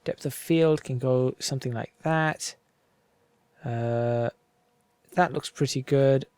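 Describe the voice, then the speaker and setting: A man's voice: mid-range voice, slow pace, darkish tone, clear, resonant tone, no echo, clean studio sound. A man chatting casually over his gameplay, rambling along and talking himself through each step as he goes. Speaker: gaming video creator. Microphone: home desk microphone.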